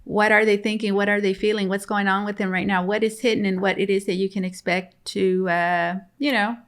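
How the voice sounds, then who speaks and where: A woman's voice: medium pitch, steady tone, fairly quick. A woman giving a casual tarot reading to camera, chatty and repetitive, talking straight to her viewers from home. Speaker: tarot reader.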